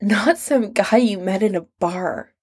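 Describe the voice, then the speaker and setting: A woman reading aloud, voicing a volatile young man who shouts and hisses in jealous anger. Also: mid-range voice, a little slow, breathy edge. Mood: hurt.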